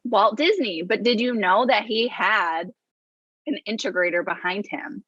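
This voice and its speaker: A woman's voice: medium pitch, a little slow, a bit bright, breathy edge, no echo, lo-fi sound. A woman in a casual business chat, explaining her work in a chatty way, laughing often. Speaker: business integrator, co-host.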